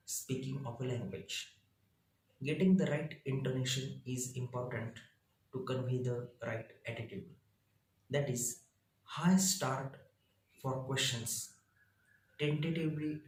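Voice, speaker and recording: A man, a teacher reading his lesson out slowly in short, halting phrases. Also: mid-range voice, reverberant, poor audio. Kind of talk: reading lesson slides aloud.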